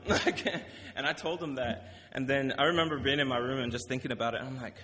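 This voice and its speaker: Talking fast with few pauses, a young male preacher delivers an informal sermon in a medium-pitched voice that is steady and sharp in tone. He reads scripture, then rambles casually through stories, correcting himself and laughing between points, all under a hall's long reverb.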